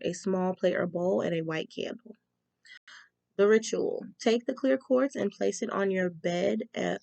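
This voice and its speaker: A woman gives a casual tarot reading, chatting away and reading spell instructions aloud with frequent ums. Her voice is lowish with vocal fry, and the recording is dry.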